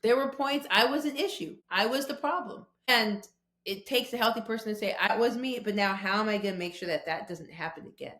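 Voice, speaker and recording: A woman guest on a podcast, telling personal stories about conflict in a lively conversational way, acting out quoted voices. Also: medium pitch, brisk, reverberant. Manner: animated storytelling with quoted voices.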